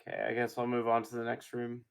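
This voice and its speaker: A man's voice: mid-range voice, monotone, fast talker, vocal fry, smooth. A man playing a tabletop game, giving short, hesitant replies. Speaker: player. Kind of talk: casual tabletop play.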